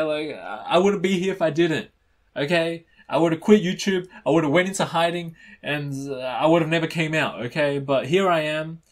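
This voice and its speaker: A young man hosting a reaction channel, chatting casually to camera and teasing his viewers in a mock-dramatic way. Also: a little high. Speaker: YouTube reaction channel host.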